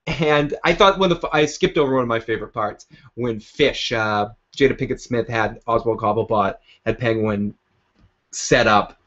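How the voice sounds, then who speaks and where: A man recaps a TV episode in a casual, rambling way, chuckling and slipping into the scenes as he tells them. His voice sits at an ordinary middle pitch. The recording sounds muffled and lo-fi, made down in a basement. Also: normal speed, a bit bright. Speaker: show recap host.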